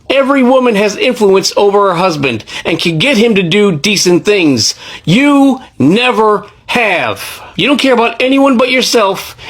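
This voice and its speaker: A woman ranting through a reaction video with sharp, mocking contempt. Her pitch swings widely from line to line, and she swears freely. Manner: blunt, mocking and profane. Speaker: commentator reacting to a clip.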